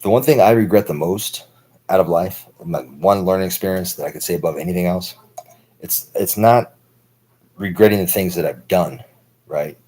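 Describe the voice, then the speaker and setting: A man's voice: sits low, normal speed, mellow, breathy edge, poor audio. A man in his thirties talking through a long, profane, rambling monologue for his stream, full of filler words. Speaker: livestream host.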